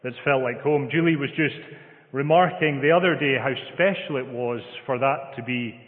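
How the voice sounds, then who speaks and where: Scottish guy preaching, measured and gently funny, tinny sound with long church reverb. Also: mid-range voice. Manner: measured, gentle humour, reads scripture aloud. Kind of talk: sermon. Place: church hall.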